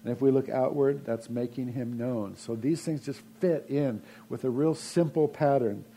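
A man's voice: medium pitch, moderate pace, mellow, a little hiss or hum. A man preaching a sermon as pastor of his church, in a folksy, conversational way with frequent restarts.

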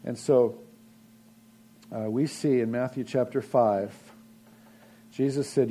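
A man's voice: medium pitch, steady tone, takes it slowly, dark tone, slight background noise. A man preaching a sermon as pastor of his church, in a folksy, conversational way with frequent restarts.

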